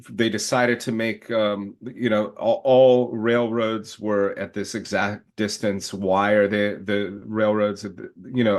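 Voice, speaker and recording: A man co-hosting a relaxed discussion, thinking aloud with many restarts and short laughs as he explains his teaching. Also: fairly low pitch. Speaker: teacher and podcast co-host. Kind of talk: casual panel conversation.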